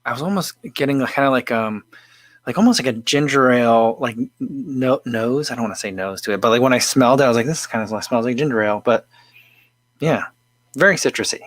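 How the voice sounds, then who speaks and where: A man's voice: mid-range voice, brisk, dry recording. Easygoing man hosting a casual livestream. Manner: easygoing, rambling with many fillers and restarts. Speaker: livestream host. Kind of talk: casual livestream chat, tasting beer and reading comments.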